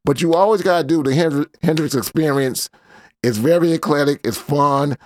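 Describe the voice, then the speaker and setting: A host rambles in a laid-back, slangy way on a casual commentary show, using lots of fillers. His voice is fairly high at a normal speed, with clean studio quality and no echo.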